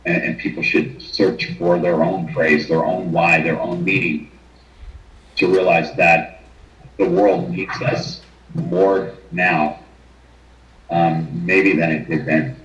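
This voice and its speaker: A man, a firefighter recounting his memories in an interview, halting and choked up with emotion. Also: low voice, flat delivery, a bit bright. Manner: halting, many restarts and fillers. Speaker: retired firefighter guest. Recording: roomy, dull video-call audio.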